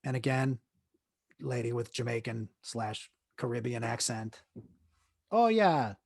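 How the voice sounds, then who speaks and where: Seated with his leg hurting, a man on his own podcast rambles through a crude, humorous tale, starting over many times in a casual storytelling monologue. He speaks at a measured pace in a level, mid-range voice that is slightly rough, with some vocal fry. The sound is clean studio audio without any echo.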